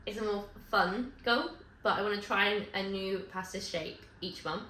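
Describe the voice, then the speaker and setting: A woman vlogging to camera in casual chat, rambling and correcting herself with quick asides. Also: mid-range voice, pushed and bright, a little hiss or hum. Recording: echoey room with faint ambience.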